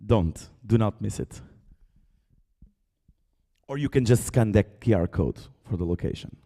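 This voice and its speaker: A man's voice: on the low side, expressive, measured pace, dark tone. A man with a Portuguese accent giving loose, joking closing remarks as an event organizer on stage. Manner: loose, joking, reads long name lists. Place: large conference auditorium. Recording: echoey hall with crowd behind.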